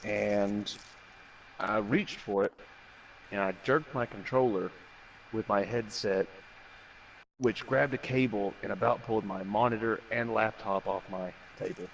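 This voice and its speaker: A man with a fairly low voice rambles through casual chat, crude and fond of trivia. The sound is dull and lo-fi. A faint noise sits under it. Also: measured pace, creaky, pauses often.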